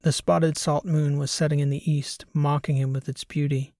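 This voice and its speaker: Mellow, level-voiced male narrator. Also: fairly high pitch, flat delivery, moderate pace, dry recording, clean studio sound. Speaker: audiobook narrator. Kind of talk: scripted narration.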